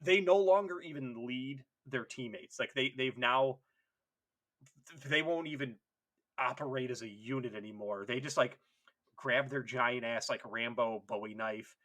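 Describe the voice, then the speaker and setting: A man co-hosting a casual comedy podcast, animated and swearing, laughing often as he acts out bits. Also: medium pitch, unhurried. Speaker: podcast co-host.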